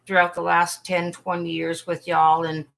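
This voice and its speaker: A woman hosting a casual livestream chat, talking earnestly and haltingly with frequent restarts. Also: lowish voice, monotone, gravelly, a bit bright. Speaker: livestream host.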